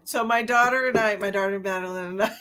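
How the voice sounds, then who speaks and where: A woman's voice: medium pitch, fairly quick, fairly bright tone. A middle-aged woman hosting a live stream as a psychic medium, chatting casually and laughing often.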